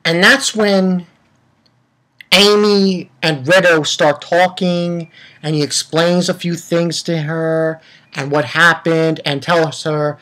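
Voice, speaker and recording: A man's voice: fairly high pitch, flat delivery, slow pace, bright, forceful tone. A young man giving a rambling, profane, casual recap of an anime episode, full of restarts. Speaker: anime reviewer.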